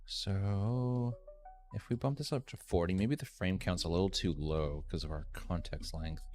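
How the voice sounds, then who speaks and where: A very deep-voiced man walks viewers through software on a live stream, talking loosely and thinking aloud. He trails off with ums and restarts as he works. Soft music plays faintly behind him. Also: moderate pace. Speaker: streamer teaching AI animation. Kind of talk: live screen-share tutorial.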